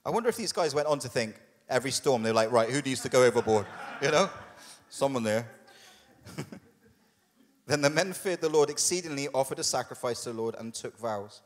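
A man preaching a sermon as a pastor, conversational and humorous, putting on quick voices for the people in his story. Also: mid-range voice, lively intonation, big-room sound. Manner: conversational and humorous, with quoted asides. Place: church hall.

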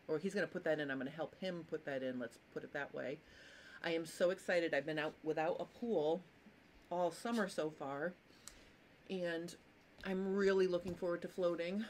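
A woman's voice: sits low, steady tone, normal speed, a little mellow, a little hiss or hum. A woman with hiccups hosting a casual live sewing lesson, chatty and apologetic, greeting viewers by name. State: has hiccups. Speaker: sewing teacher and live stream host.

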